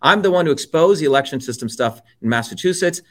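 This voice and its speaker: A man's voice: a little high, animated, quick pace, fairly bright tone. A middle-aged man from India, an interview guest delivering a heated political monologue, blunt and profane, with mocking asides.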